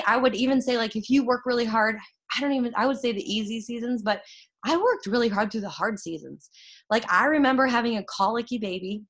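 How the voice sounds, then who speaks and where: A young woman giving an excitable, chatty motivational talk to her followers about her network marketing success, full of fillers and laughter. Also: a little high.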